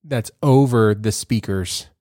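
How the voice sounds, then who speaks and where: A man's voice: fairly low pitch, slow, darkish tone, dry recording, studio quality. A man co-hosting a podcast in casual chat, telling stories with frequent laughs and restarts. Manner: rambling storyteller, laughs often, many restarts. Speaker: podcast co-host.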